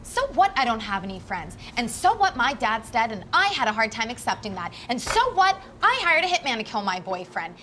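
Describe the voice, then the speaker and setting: A young woman playing an impulsive, excitable young woman who becomes a hitman's partner, talking in rambling, needling bursts. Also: medium pitch, normal speed, a little hiss or hum, close to an everyday voice. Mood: accusing, heated. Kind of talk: web series drama acting.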